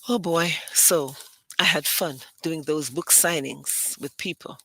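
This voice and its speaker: A British woman hosting a show, telling stories in a casual, animated way and acting out what other people said. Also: low-pitched, slow, husky. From Britain. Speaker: host. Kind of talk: casual storytelling monologue.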